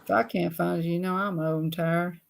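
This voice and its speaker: A woman's voice: lowish voice, steady tone, a little fast, vocal fry. A woman hosting a casual live chat, rambling in an easygoing way and chuckling often. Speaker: live stream host.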